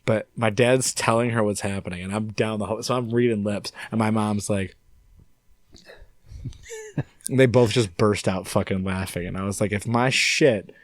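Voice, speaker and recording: A young man from upstate New York, a podcast guest telling a story in a casual, animated way and swearing freely. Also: lowish voice, unhurried, dry recording. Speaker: podcast guest, singer-songwriter.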